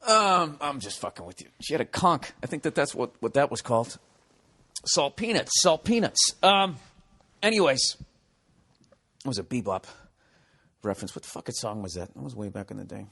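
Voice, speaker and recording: A man hosting a podcast, telling a profane, ranting comedic story with animated delivery. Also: mid-range voice, brisk, vocal fry, long pauses, breathy edge. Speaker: podcast host.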